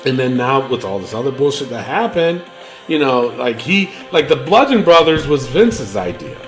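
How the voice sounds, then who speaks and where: A man's voice: mid-range voice, big pitch swings, moderate pace, music in the background. A man co-hosting a wrestling podcast, ranting casually with lots of fillers and profanity. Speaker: podcast co-host.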